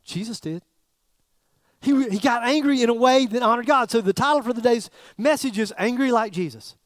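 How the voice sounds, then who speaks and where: High-voiced preacher, conversational. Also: male voice, no echo. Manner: conversational, joking preacher with pauses and repeated phrases. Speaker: pastor. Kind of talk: sermon.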